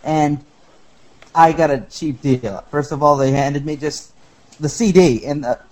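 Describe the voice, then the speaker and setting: A man's voice: on the high side, measured pace, darkish tone, poor audio. A man calling in to a podcast, chatty and rambling as he complains. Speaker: caller. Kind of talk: call-in chat.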